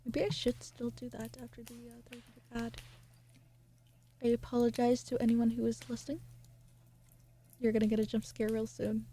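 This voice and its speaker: A woman's voice: fairly high pitch, completely flat delivery, moderate pace, pauses often, warm tone, husky. A young woman streamer reading a novel aloud and chatting with her viewers, with rambling, apologetic asides.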